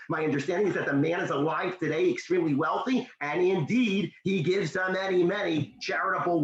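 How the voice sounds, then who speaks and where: A motivational speaker, a man, telling a story in a discussion, animated, his voice leaping up when excited. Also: on the high side. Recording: echoey room, dull lo-fi sound.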